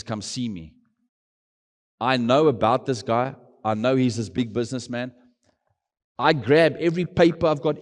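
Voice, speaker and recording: South African man, preaching testimony, animated rising and falling pitch, mid-pitched voice, long hall reverb. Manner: dramatic storytelling with big swings in loudness, mixing in Afrikaans phrases. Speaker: missionary sharing his testimony.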